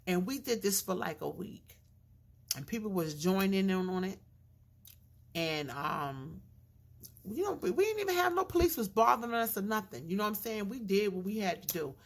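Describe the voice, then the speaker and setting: A middle-aged woman vlogger telling a casual story, animated and a little slurred in her diction. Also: mid-range voice, moderate pace. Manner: animated storyteller, acts out quoted voices.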